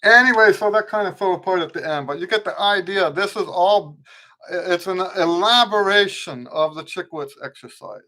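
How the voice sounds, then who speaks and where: A middle-aged man with a somewhat high voice and a mixed American accent rooted in Western Pennsylvania. He hosts a casual live trumpet Q&A in a rambling way, often breaking off and rewording his sentences. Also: normal speed, sharp tone. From eastern United States. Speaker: trumpet teacher and show host.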